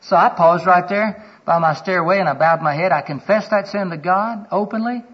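An older man preaching a sermon, telling personal stories and acting out the dialogue in them, earnestly, often dropping to a hushed voice for the personal moments. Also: sits high, normal speed. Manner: storytelling, acts out quoted dialogue with his voice. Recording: dull lo-fi recording.

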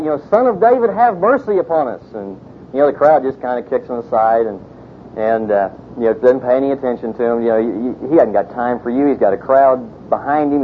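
This sermon comes from a man who preaches conversationally, telling it as a story loaded with fillers and "you know" remarks. The audio is thin and phone-like, backed by the rumble of a vehicle.

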